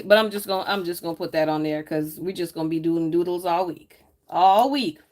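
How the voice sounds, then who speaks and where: A woman's voice: a little high, a bit bright. A woman, chatting casually with her live chat as she decorates her planner, teasing viewers and laughing often.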